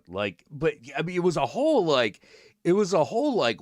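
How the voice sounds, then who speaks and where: A man with a slightly high voice, speaking at normal speed, hosts his own stream and tells a story full of swearing, animatedly acting out both sides of the conversations. The sound is clean studio quality with no room sound.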